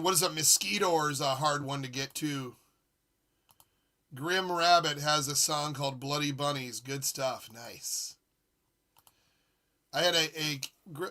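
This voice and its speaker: A man in his forties hosting a live gaming stream, chatting casually and reading viewer comments with excitable, jokey humor. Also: on the high side. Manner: excitable, jokey, reads chat aloud. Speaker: streamer host.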